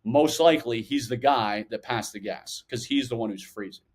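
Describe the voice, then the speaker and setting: An animated middle-aged man telling stories as an interview guest, slipping into the voices of the people in them. His pitch sits right in the middle for a man. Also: normal speed. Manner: animated, acts out quotes. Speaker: guest, former intelligence officer. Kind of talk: storytelling interview answers.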